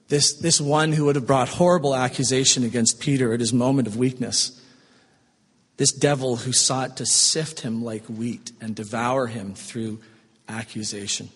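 A man preaching a sermon, swinging between strong emphasis and hushed, slow, tender passages. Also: mid-range voice, steady tone, breathy edge, in a large hall. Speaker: pastor.

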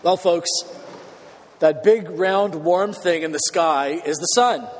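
Pastor preaching in an echoing sanctuary. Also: male voice, fairly high pitch. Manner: earnest, with dry humorous asides; slows down and lifts his voice to stress key words. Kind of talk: sermon. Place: church sanctuary. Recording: long church hall reverb.

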